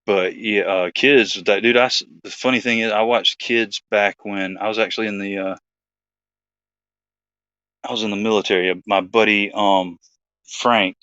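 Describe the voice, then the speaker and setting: Laid-back low-voiced man rambling. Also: steady tone, moderate pace, bright, forceful tone, clear, resonant tone, no echo, highs cut off. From Georgia, USA. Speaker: host. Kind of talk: casual storytelling chat.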